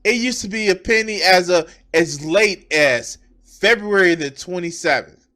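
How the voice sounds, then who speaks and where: High-pitched profane ranting man. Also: a little slow, pushed and bright, faint music behind. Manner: profane, emphatic, repeats phrases. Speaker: streamer. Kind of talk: ranting political commentary.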